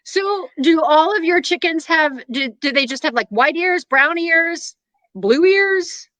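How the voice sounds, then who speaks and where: A woman's voice: very high-pitched, lively intonation, measured pace, fairly bright tone, dry recording, low-quality recording. A woman with a Southern US accent hosting a casual chat show, chatty and drawling, laughing often. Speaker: show host.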